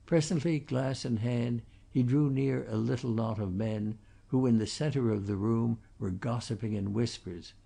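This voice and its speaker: A man narrating a classic novel as an audiobook, in steady, measured storytelling. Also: mid-range voice, gravelly, slightly rough. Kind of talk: scripted narration.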